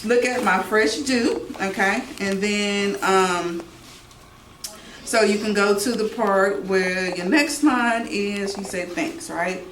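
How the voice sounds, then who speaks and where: A woman's voice: mid-range voice, takes it slowly, fairly bright tone. Distant woman coaching actors, roomy noise. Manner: instructive, repeating "okay?" to check understanding. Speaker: film director. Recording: roomy, distant mic, clear background noise.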